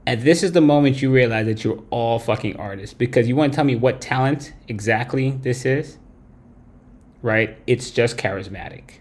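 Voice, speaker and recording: A man's voice: medium pitch, moderate pace. Blunt, foul-mouthed male stream host. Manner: blunt, heavy swearing, tags lines with "right?". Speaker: livestream host. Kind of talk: profane late-night stream rant.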